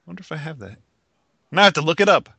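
Chill guy talking comics, laughs along, bright voice, dry sound. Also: on the high side, sing-song, rapid-fire, gravelly, slightly rough, dry recording. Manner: easygoing, laughs along, explains things plainly. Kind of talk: casual comic book chat.

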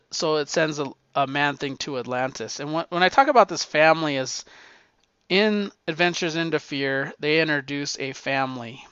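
A man's voice: medium pitch, a bit bright, no echo, dull audio. A man casually rambling through his recent comic book reads, enthusiastic and full of restarts.

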